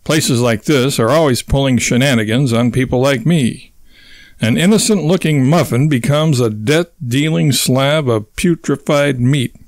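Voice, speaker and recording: A man reads out a theatrical, paranoid inventor with a pompous, stuffy British put-on, talking in a steady mid-range voice. He delivers each wild suspicion with mock gravity, and the sound is dry and close with no room around it. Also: mid-range voice, measured pace, no room sound, natural voice. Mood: conspiratorial. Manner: pompous, conspiratorial, over-the-top. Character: paranoid eccentric male inventor, grandiose and theatrical.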